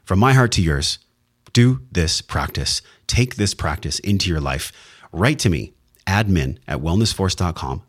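Deep-voiced man, earnest podcast host. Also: lively intonation, a little slow, slightly rough, dry recording, clean studio sound. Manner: earnest, heartfelt, emphatic with occasional swearing. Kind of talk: motivational wellness podcast monologue.

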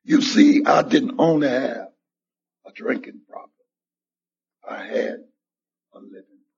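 A man gives his testimony at a recovery meeting in a slow, unhurried way. His voice is gravelly and very husky, and it sits a little high for a man. He acts out the voices of people in his story, and the recording is a dull, lo-fi meeting tape. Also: wildly swooping pitch, a little mellow. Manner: storytelling with acted-out quoted dialogue. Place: meeting hall.

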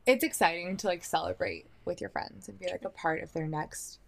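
A woman's voice: fairly low pitch, brisk, creaky, a loud crowd. A young woman from California, a podcast guest, telling stories in a casual chat with a self-mocking Valley Girl lilt.

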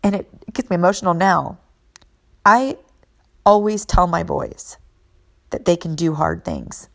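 A woman's voice: on the low side, huge pitch swings, measured pace, creaky, a bit bright. A woman who is a mother and fitness coach, telling a motivational story in an earnest, emphatic way and repeating key phrases.

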